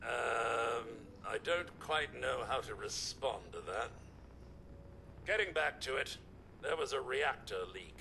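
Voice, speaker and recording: A man's voice: medium pitch, lively intonation, slow pace, creaky, sharp tone, slight background noise, full character voice. An actor playing an adult male video game character who gives a matter-of-fact briefing about a crisis.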